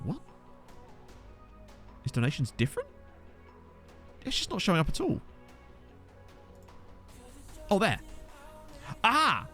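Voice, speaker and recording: A man live-streaming a management game, chatting casually and getting excitable, swearing when something surprises him, into a desk microphone. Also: fairly high pitch. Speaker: gaming streamer. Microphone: desktop USB microphone.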